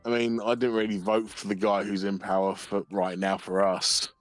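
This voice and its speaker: Man, young adult, low voice, dry close sound, casual stream chat, sweary. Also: little pitch movement, moderate pace, no echo, faint music behind. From United Kingdom. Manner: sweary, giggly storytelling. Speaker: streamer co-host.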